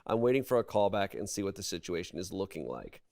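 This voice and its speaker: Smooth-voiced man reading posts aloud. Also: deep voice, very animated, fast talker, a little mellow. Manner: wry, amused commentary between read passages. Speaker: podcast host reading online stories aloud. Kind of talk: casual comedic podcast chat and reading aloud.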